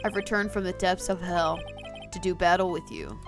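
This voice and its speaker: A woman voicing a masked older male prosecutor, smug and brooding, reading his lines slowly and theatrically for a game. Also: fairly low pitch, fairly even intonation, gravelly, over music.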